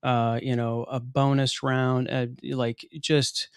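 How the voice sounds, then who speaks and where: A man's voice: mid-range voice, level tone, slow, clear, resonant tone, no echo, clean studio sound. A man co-hosting a live question-and-answer show, upbeat and full of fillers as he reads out viewer questions. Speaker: co-host and moderator.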